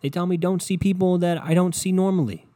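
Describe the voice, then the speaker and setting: A man's voice: steady tone, brisk, dry recording. Profane, exasperated man ranting. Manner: profane, exasperated, swings between low mutters and loud outbursts. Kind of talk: casual comedic rant.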